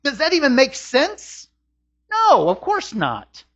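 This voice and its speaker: A man's voice: very high voice, huge pitch swings, slow, pushed and bright. A man preaching a sermon as a pastor, earnest, his voice climbing on rhetorical questions. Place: church sanctuary. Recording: dull lo-fi church recording.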